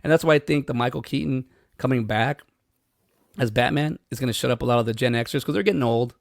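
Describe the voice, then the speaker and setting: A man in his thirties, co-hosting a podcast in casual chat, telling stories quickly and swearing freely. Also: mid-range voice, creaky, no room sound, studio quality. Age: 30s. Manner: fast, swearing, storytelling. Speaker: podcast co-host.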